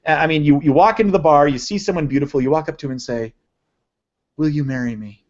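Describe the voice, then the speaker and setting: Man, fairly high voice, enthusiastic teacher, chatty online lesson, muffled lo-fi sound. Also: very fast, slight background noise. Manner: enthusiastic, conversational, often checks in with "right?". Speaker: sales copywriting presenter. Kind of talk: live online teaching session.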